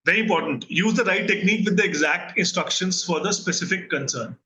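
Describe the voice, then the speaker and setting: Here the same kind of speaker, a male therapist with an Indian English accent, delivers an earnest recorded mental health lesson and keeps checking in with questions for his audience. His high voice is a little fast, bright, and forceful, captured on a low-quality recording.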